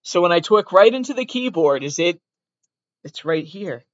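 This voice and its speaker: A man's voice: high-pitched, expressive, normal speed, dry recording, muffled recording. A young man hosting a podcast, rambling in a casual, jokey, self-mocking way, talking into a laptop mic. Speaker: podcast host.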